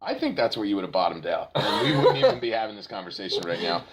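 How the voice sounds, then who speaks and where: A man's voice: fairly low pitch, very animated, fast talker, a loud crowd. A young man co-hosting a podcast, joking and defending himself in casual banter. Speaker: podcast co-host.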